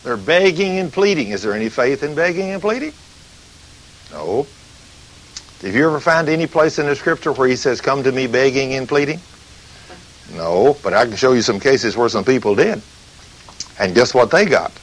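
A man's voice: on the high side, fairly bright tone, poor audio. A man preaching a sermon. He asks rhetorical questions and acts out the scenes and voices he quotes. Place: studio recording between breaks.

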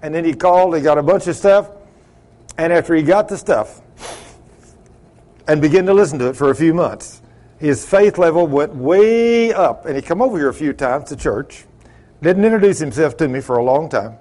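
A man's voice: a little high, animated, normal speed, darkish tone. A man preaching to his church, telling a testimony and acting out the voices in it, with frequent rhetorical questions to the congregation. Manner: asks the congregation rhetorical questions, acts out quoted dialogue. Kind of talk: sermon testimony storytelling.

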